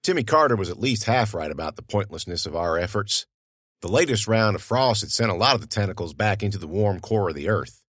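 In this audiobook, a male narrator with a lowish voice tells the story folksily, as if chatting with a friend, his lively inflection rising and falling. The recording is close and dry, without any room sound.

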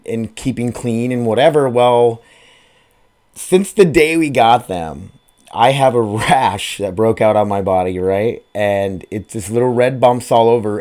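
A man's voice: medium pitch, a little mellow. A man, hosting his own podcast in a rambling, profane, self-deprecating chat. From Grand Forks, North Dakota. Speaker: podcast host. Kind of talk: casual solo podcast chat.

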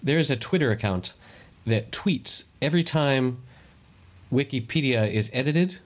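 A man's voice: mid-range voice, expressive, unhurried. A man co-hosting a podcast in casual chat, explaining things at length and often restarting his sentences. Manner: rambling, self-correcting, explains at length. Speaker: podcast co-host.

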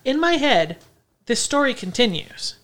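A woman with a somewhat high voice co-hosts a casual podcast. She talks in an animated, profane way with laughing asides. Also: measured pace, a little hiss or hum. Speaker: podcast co-host. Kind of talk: casual chat, reading a story aloud.

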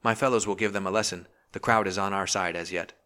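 A man playing a proud, commanding young gentlewoman. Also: low-pitched, steady tone, fast talker, clear, resonant tone. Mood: firm.

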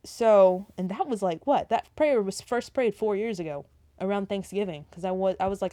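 A woman's voice: mid-range voice, moderate pace, mellow, dry recording. A young woman giving a casual, rambling faith talk, preachy with joking asides, ending in a spoken prayer. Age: young adult. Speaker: Christian vlogger.

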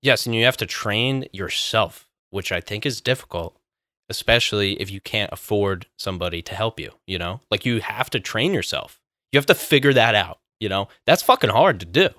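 A man's voice: lowish voice, lively intonation, normal speed, pushed and bright, no echo, studio quality. A man in a casual podcast chat who talks bluntly and emphatically and swears freely.

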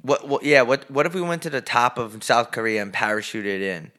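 A young man co-hosting a casual podcast, joking around, swearing and breaking into squeaky put-on voices. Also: animated, a little fast, fairly bright tone. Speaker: podcast co-host.

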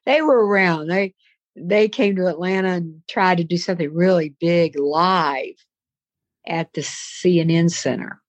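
A woman's voice: fairly low pitch, a little slow, no echo. An older woman with a Southern US accent, a voice-over actress telling rambling stories full of asides in a casual interview. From American South. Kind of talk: casual anecdotal interview talk.

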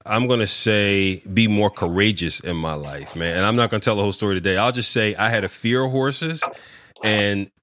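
A man hosting a podcast interview, telling a story in a lively, animated way and acting out the voices in it. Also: fairly low pitch, fairly quick, slight background noise. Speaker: podcast host. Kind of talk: casual interview chat.

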